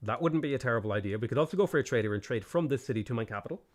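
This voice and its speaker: A man's voice: mid-range voice, lively intonation, very fast. A man streaming a strategy game, thinking aloud about his moves, thanking viewers and laughing often. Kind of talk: casual live-stream commentary.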